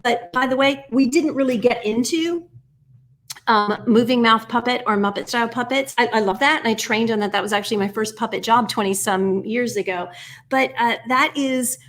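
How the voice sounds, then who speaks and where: An energetic, encouraging American woman in her forties teaches an online puppetry workshop, speaking a little high at a moderate pace. She counts steps aloud, keeps asking "right?", and often drops to a whisper.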